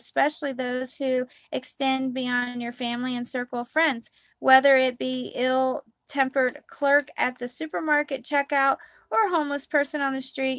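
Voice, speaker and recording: High-voiced woman giving a gushing card reading. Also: fairly bright tone. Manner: gushing, dreamy, calls herself quirky. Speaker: spiritual card reader. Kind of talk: live card reading stream.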